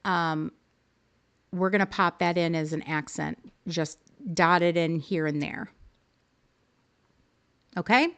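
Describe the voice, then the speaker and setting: A woman's voice: fairly low pitch, fairly even intonation, slow pace, long pauses, a bit bright, clear, resonant tone. A woman hosting a live stream, coaching her viewers through decorating choices in a friendly, upbeat way and answering chat as she goes. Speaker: livestream host teaching game decorating.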